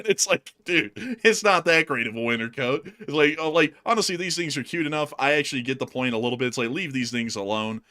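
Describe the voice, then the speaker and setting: A man's voice: fairly high pitch, fairly quick, hardly any pauses, sharp tone. A man co-hosting a casual livestream, joking, laughing often and reading out updates. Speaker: co-host.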